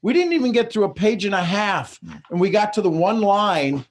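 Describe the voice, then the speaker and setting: A man hosting an online coaching call, talking in a direct, animated way and laughing often. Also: high-pitched, normal speed. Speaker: host of a live coaching call. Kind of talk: casual coaching talk.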